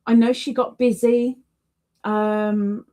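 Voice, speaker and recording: A woman hosting a relaxed livestream, talking slowly and unhurriedly. Her voice sits a little high, and she is chatty, leaning on repeated words for emphasis. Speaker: livestream host. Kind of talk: casual livestream chat.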